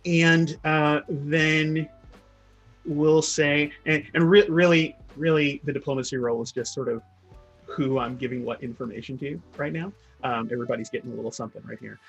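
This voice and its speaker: A man with a slightly raised pitch runs a tabletop game, feeling his way through the scene with frequent ums and restarts. Soft music plays faintly beneath his voice. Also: fairly even intonation, gravelly, breathy edge, rough recording. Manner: halting, many fillers and restarts. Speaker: game master.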